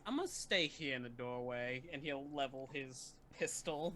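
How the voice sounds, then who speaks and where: A man playing a tabletop game, excitable and prone to loud cheers. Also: mid-range voice, normal speed. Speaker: player. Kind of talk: casual tabletop play.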